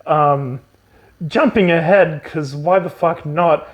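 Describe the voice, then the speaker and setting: A man's voice: fairly high pitch, slow, dull audio. A man co-hosting a podcast, giving a sarcastic, profane recap of a book and laughing often at the plot. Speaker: podcast co-host. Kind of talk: comedic book recap chat.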